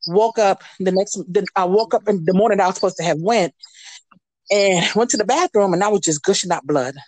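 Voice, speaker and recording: A woman guest on a radio show, telling a candid personal story in a lively way and acting out the voices she quotes. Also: medium pitch, brisk, no echo.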